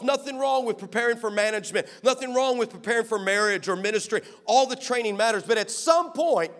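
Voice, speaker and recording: A man from Texas preaching an energetic, comedic sermon, telling stories with voices and sudden shouts. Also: extremely high pitch. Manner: animated storytelling with voices and shouts. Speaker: guest preacher. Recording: echoey hall with long reverb.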